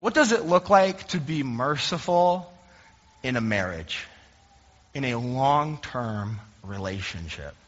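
A man preaching from the pulpit, slipping easily between light storytelling and earnest points. His voice carries a husky, slightly breathy edge, and the dull recording sits in a long, reverberant church hall. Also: medium pitch, lively intonation, takes it slowly, fairly bright tone. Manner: conversational, self-deprecating storytelling. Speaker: pastor. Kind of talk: sermon with humorous anecdotes. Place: church sanctuary.

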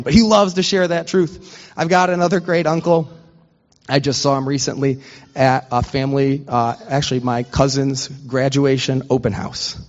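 A man preaching a sermon, telling funny family stories and acting out quick quoted exchanges before moving into scripture. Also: medium pitch, lo-fi sound. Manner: storytelling with quick quoted asides, conversational. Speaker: pastor.

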